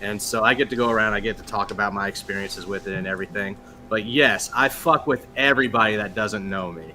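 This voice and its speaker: Low, bright-toned man in loose chat. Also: fast talker. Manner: loose and profane, many fillers. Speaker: guest comic creator. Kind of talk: casual chat.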